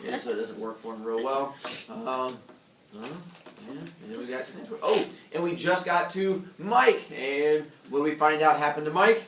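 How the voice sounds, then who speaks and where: A man's voice: on the high side, normal speed, noisy background. A male teacher recapping a book with his class, quizzing students in a chatty way. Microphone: camera at a distance. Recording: echoey classroom, mic far off, students chattering.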